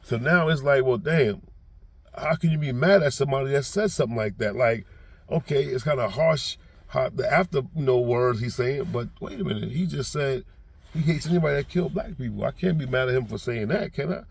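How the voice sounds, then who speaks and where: A man with a New York accent talks through a reaction vlog in a casual, rambling monologue. His voice is gravelly and husky, and he often restarts his sentences. It rises and turns heated whenever he acts out someone else's words. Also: medium pitch, brisk. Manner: gets loud and heated when acting out quotes. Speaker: reaction vlogger.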